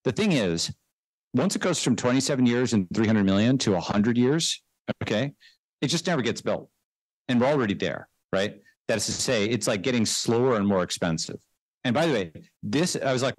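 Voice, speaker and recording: A male guest investor in a conversational interview talks fast and emphatically in a mid-range voice with lively intonation, recorded with no echo. He often tags his points with "right?" and "okay."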